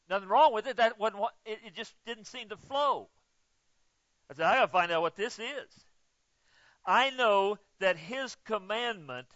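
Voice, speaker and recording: A pastor preaching a sermon, swinging from loud emphatic lines to soft, low ones. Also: male voice, no echo. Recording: dull, muffled, dry sound.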